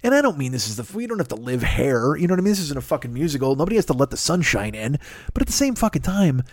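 A man's voice: medium pitch, sing-song, fast talker, dry recording, clean studio sound. A man hosting a podcast, talking in a rambling, profane, self-mocking comic monologue. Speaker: podcast host.

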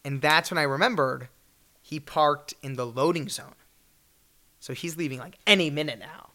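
A man in his twenties telling a story at a fireside chat, animated, acting out the people in it and laughing often. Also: fairly high pitch, moderate pace. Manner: animated, acts out voices, laughs often, shouts in bursts.

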